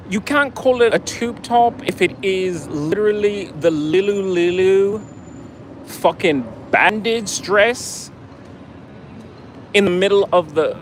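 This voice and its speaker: Guy ranting a story, swearing a lot, kinda high voice, faint traffic noise behind. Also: poor audio. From United States. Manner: profane, animated, sarcastic. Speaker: vlogger.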